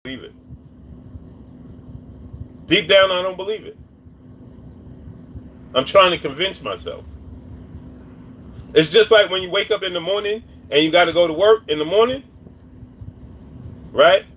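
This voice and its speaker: A man doing boxing commentary on a live stream, talking casually and repeating his points while shouting out viewers' names. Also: sits high, unhurried, pauses often, a little hiss or hum. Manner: repetitive, shouts out chat names.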